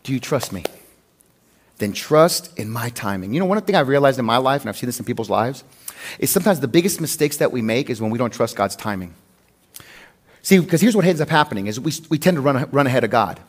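A man pastor preaching a sermon in an animated way, acting out the prayers he quotes. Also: mid-range voice, quick pace.

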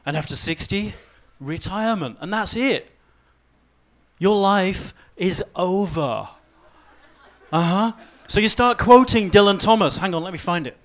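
A man in his forties giving a fast-paced, humorous talk on stage, swinging from quiet asides to loud outbursts. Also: high voice, animated. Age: 40s. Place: event stage before a live audience.

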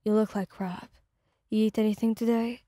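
A woman reading the part of a gruff, blunt young man in a fanfic audio story. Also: mid-range voice, fairly even intonation, normal speed, warm tone, no echo, clean studio sound, natural voice. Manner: blunt, curt orders.

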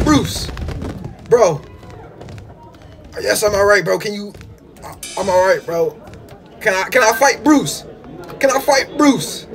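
A young man giving casual gameplay commentary, excitable and slangy, swinging from low mutters to sudden yelps and trash talk. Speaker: gaming YouTuber.

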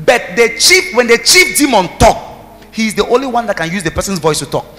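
A man preaching a sermon as pastor, emphatic, with shouted bursts and commands to the congregation. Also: sits high, sing-song, brisk. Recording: reverberant hall with music behind.

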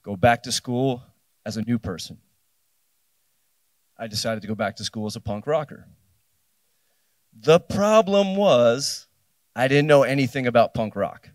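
A man's voice: medium pitch, expressive, measured pace, long pauses, no room sound. A man in his fifties from New Jersey, telling a personal story on a festival stage and acting out the dialogue. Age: 50s. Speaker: keynote speaker. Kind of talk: live storytelling talk.

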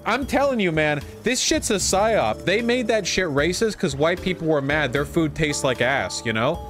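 A man's voice: on the high side, animated, moderate pace, fairly bright tone, faint music behind. A man streaming a video game, ranting crudely and swearing often in casual commentary.

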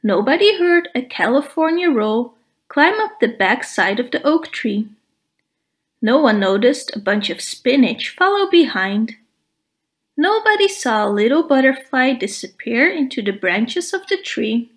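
Slow, high-voiced woman reading aloud. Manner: slow, expressive storytelling for preschoolers. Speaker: storybook reader. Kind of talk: children's read-aloud narration.

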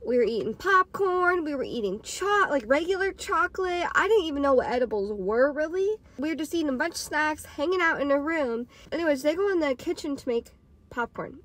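Young woman in her twenties, raised pitch, dry close sound, rambling casual storytime full of "like.". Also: lively intonation, a little fast, a bit bright, no room sound. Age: 20s. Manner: rambling, filler-heavy with frequent "like". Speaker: podcaster and storytime vlogger.

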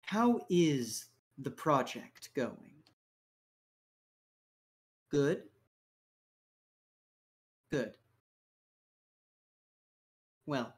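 A man voicing a menacing male crime boss who talks with sneering sarcasm and quiet threats. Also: medium pitch. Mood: curt.

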